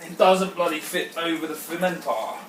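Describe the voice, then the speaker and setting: A man's voice: a little high, steady tone, moderate pace, a bit bright. Man, casual brew-vlog host, exclamatory and sweary; roomy room sound, faint background hiss. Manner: chatty, sweary, prone to exclamations. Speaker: home brewer. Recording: roomy, distant mic, faint background noise.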